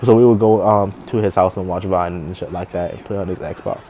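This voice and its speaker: A man's voice: sits low, fairly even intonation, brisk, dark tone, dull audio, a little hiss or hum. A young man, a gaming streamer, casually telling a story to camera, rambling, restarting his sentences and swearing offhandedly.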